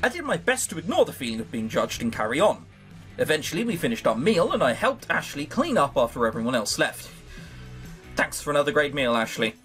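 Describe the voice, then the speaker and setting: A let's play host reads a visual novel aloud, breaking off for sarcastic jokes and casual swearing. His voice is fairly high and a bit bright, with huge pitch swings and a quick pace, over soft background music.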